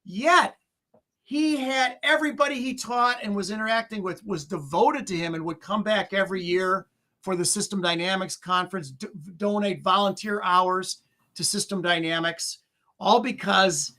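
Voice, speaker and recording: A man speaking as a guest in a casual conversation, telling animated stories and laughing often. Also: sits high.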